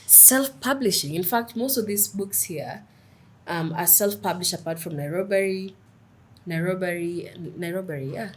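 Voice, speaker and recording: A young woman talks in a lively, animated way, her voice sitting a little low for a woman. She chats casually as a guest and tells stories with relish. Faint noise hums behind her. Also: measured pace, rough recording. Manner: lively, animated storytelling, mixes in Swahili phrases. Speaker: podcast guest, writer. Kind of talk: casual interview chat.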